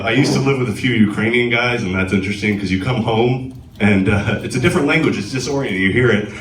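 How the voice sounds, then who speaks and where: A man's voice: on the low side, slight background noise. A man doing a live stand-up set on a comedy club stage, with a sardonic, self-deprecating delivery, recorded from a distance in an echoey club.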